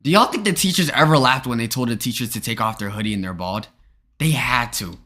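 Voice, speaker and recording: A young man hosting a live stream, chatting casually and jokingly with his viewers in an animated way. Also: medium pitch, a little fast. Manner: animated, joking, talks straight to chat. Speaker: streamer host.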